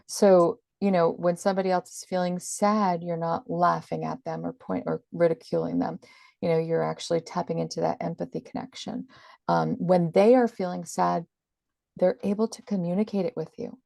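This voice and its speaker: A woman's voice: fairly low pitch, little pitch movement, moderate pace, creaky, mellow, dry recording, clean studio sound. A woman talking as an interview guest, explaining things earnestly and with emphasis. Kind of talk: conversational explaining.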